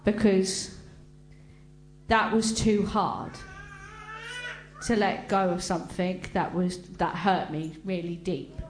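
A woman giving an emotional personal testimony to a congregation, talking earnestly and haltingly with frequent restarts. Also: lowish voice, fairly even intonation, faint music behind. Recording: roomy echo with faint hum.

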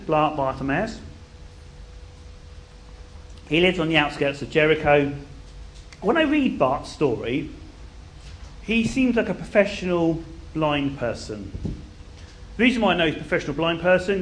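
A man preaching a sermon, telling a Bible story in an animated way and dropping to a quiet intensity for key points. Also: a little high, normal speed, long pauses.

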